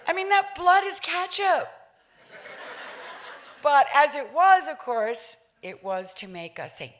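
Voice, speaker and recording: A woman in her sixties giving a public talk, telling a personal story in an animated way and acting out voices with laughs. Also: sits high, moderate pace. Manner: lively, acts out voices, laughs while telling. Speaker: featured speaker.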